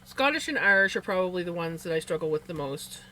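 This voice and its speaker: Reading viewer comments on her livestream, a Canadian-accented woman rambles casually, frequently starting over and giggling, though she seems sleepy. Her voice is fairly low but expressive, fast, and pushed and bright.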